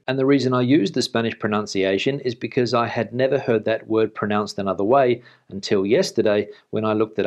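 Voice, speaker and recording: Low-voiced man answering viewer comments. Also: lo-fi sound. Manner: frank, conversational, blunt when challenged. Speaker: host of a news update channel.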